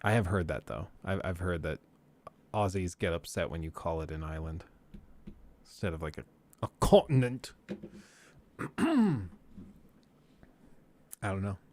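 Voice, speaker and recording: A man's voice: sits low, sing-song, measured pace, long pauses, a little mellow. A young man hosting a live stream, chatting casually with viewers in a rambling, joking way and laughing often.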